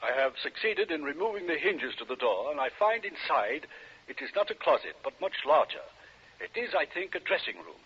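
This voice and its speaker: Calm formal guy reporting as he goes, husky voice, old muffled radio sound. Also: a little high. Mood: measured. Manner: measured, formal, deliberate. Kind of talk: 1940s radio acting. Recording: muffled 1940s radio recording.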